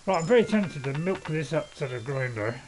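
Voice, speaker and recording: An older man in his seventies, rambling and chatty over his gameplay, often poking fun at himself. His voice sits a touch higher than most men's. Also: lively intonation, brisk, darkish tone, slight background noise, poor audio. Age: 70s. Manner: rambling, chatty, joking and self-mocking. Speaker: gaming channel host. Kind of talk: casual gameplay commentary.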